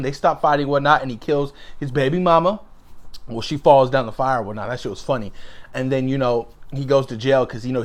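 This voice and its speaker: A man giving a casual, excitable movie review, swearing freely and laughing as he retells scenes. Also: medium pitch. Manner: excitable, profane, laughs often, quotes scenes in animated bursts.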